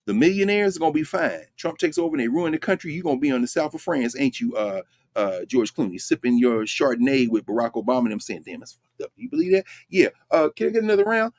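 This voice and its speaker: A man's voice: medium pitch, lively intonation, quick pace, darkish tone, no room sound, studio quality. A man hosting a lecture-style commentary show, talking emphatically and conversationally and putting rhetorical questions to his listeners. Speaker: host.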